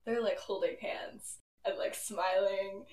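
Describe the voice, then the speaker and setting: A woman's voice: mid-range voice, steady tone, slow pace, darkish tone, far from the mic. A young woman hosting a podcast, retelling a story in a chatty, giggly way with many fillers. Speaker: podcast host. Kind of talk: casual storytelling. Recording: roomy echo, poorly set home mic.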